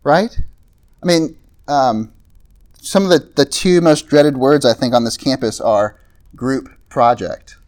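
A male pastor delivers an evening sermon, talking through the passage in a relaxed, chatty manner. His pitch sits in an ordinary middle range, and he keeps stopping to check in with the audience. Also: slow. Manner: conversational, frequent "right?" and "like" asides. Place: evening talk to a campus group.

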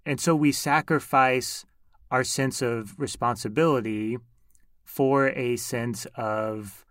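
A man co-hosting a podcast, speaking thoughtfully and pausing to search for the right words. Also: mid-range voice, steady tone, fairly bright tone, no room sound, studio quality. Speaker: podcast co-host. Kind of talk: conversational podcast talk.

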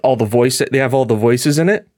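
A man hosting a podcast, chatting in a rambling, animated way and laughing often. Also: medium pitch, brisk, no echo, studio quality. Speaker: podcast host. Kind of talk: casual chat.

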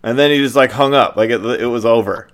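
Man, podcast co-host, casual chat, animated storytelling, swears a lot, medium-pitched voice. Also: brisk.

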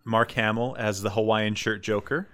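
A man's voice: lowish voice, fairly even intonation, normal speed, fairly bright tone, smooth. A man co-hosting a podcast in casual chat, wry and agreeable. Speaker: podcast co-host.

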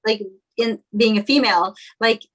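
A woman's voice: fairly high pitch, normal speed, fairly bright tone, poor audio. A chatty woman host with a partial Long Island accent, asking questions in a casual interview. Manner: chatty, talks with many fillers.

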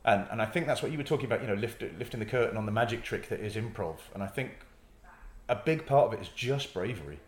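Speaking fast with lively intonation and a lowish voice, a man from North East England who does improv comedy chats casually in an interview, acting out short scenes to explain his points. The interview was recorded in an echoey room.

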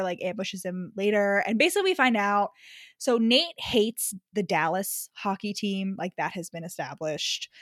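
A young woman recapping a story in casual chat, animated and full of mock outrage, peppered with "like". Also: medium pitch, no room sound, studio quality.

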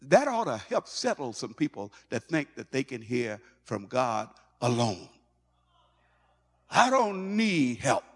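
A male pastor preaching a sermon in an animated way, stumbling over and repeating words as he goes. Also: mid-range voice, measured pace, few pauses, slightly rough. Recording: long hall reverb.

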